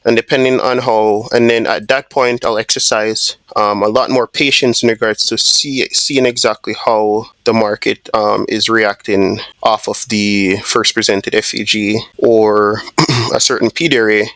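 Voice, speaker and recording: A man's voice: lowish voice, steady tone, unhurried, fairly bright tone, dry recording. A man hosting a trading video, casually thinking aloud through a live trade with frequent fillers and restarts. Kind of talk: live screen-share trade commentary.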